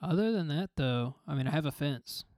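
A man chatting casually on a podcast, with a dry, deadpan and stubbornly insistent manner. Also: on the high side, brisk. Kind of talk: casual chat.

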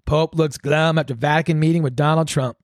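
A man's voice: on the high side, steady tone, fairly quick, dry recording, studio quality. Profane rambling male podcast ranter. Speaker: podcast host. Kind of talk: solo ranting commentary.

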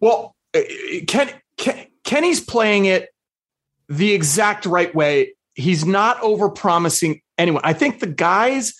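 Brief: a man, middle pitch, lively intonation, blunt and opinionated. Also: slow pace. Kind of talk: casual chat.

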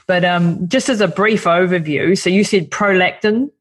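A woman's voice: fairly low pitch, moderate pace. Chatty laughing woman hosting a podcast. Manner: chatty, laughs often, acts out quotes animatedly. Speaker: podcast host. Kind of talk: podcast interview.

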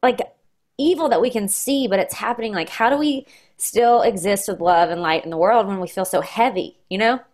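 A young woman hosting a casual conversation, speaking warmly and emotionally, her voice choked up at times. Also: medium pitch, fairly quick. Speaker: host.

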